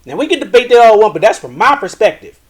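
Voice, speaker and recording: A man with a notably high voice holds forth on a live show from his porch. He talks bluntly and profanely, in a preachy and casual way. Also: sing-song, quick pace, slightly rough. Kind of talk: casual commentary on relationships. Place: porch, outdoors.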